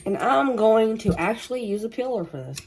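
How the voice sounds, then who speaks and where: A Southern US woman chats folksily with her viewers while cooking in her home kitchen for a casual vlog. Her voice sits a little high and comes across expressive and brisk. There's background noise.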